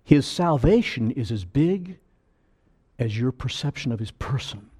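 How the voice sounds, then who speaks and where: Male preacher, fervent sermon delivery, very animated pitch. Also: measured pace, slightly rough. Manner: fervent, swelling loud on key phrases then dropping low.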